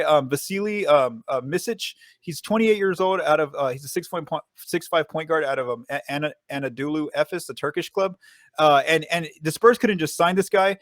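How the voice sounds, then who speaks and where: A man hosting a sports podcast, talking fast and casually with many fillers and restarts. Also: medium pitch, no room sound, clean studio sound. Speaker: podcast host.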